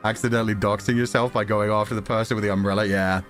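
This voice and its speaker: A man's voice: fairly low pitch, steady tone, racing, fairly bright tone, faint music behind. A man streaming and chatting casually with his viewers, rambling and laughing often between remarks. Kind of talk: casual livestream chat.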